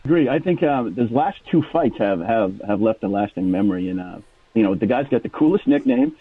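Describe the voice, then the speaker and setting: A man's voice: on the low side, lively intonation, a little fast, breathy edge, dry recording. A man with a Boston accent, calling in to a radio show and chatting casually with a self-deprecating manner. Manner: self-deprecating, talkative, lots of restarts. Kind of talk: casual chat. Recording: phone line.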